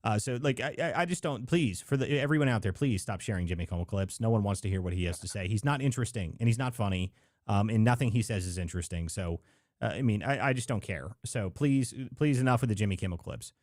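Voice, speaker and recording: A man's voice: on the low side, lively intonation, quick pace, a little mellow, no echo, studio quality. Rambling, emphatic male stream host. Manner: rambling, emphatic, heavy use of "like". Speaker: livestream political show host. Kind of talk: casual political commentary.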